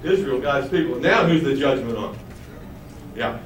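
A man's voice: mid-range voice, lively intonation, moderate pace, slight background noise. A man teaching a Bible study lesson, asking his listeners questions and answering them himself. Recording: roomy, mic at a distance.

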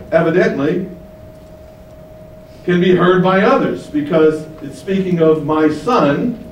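A man preaching a Bible teaching sermon, swinging between emphatic rises and quiet low asides. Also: a little hiss or hum. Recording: echoey room, voice from a distance.

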